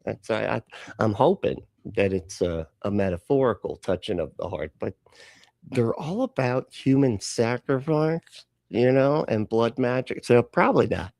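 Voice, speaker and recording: A man's voice: medium pitch, expressive, moderate pace, gravelly, a little mellow, no room sound. A man hosting a live reaction stream, joking and sarcastic, laughing often and greeting chatters by name. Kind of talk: casual live-stream chat.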